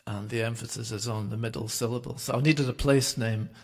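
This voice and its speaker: A man's voice: mid-range voice, a little fast. A man, a singer-songwriter, chatting loosely between songs on a home livestream, rambling with plenty of fillers. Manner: relaxed, rambling, with many fillers. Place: home, streaming live.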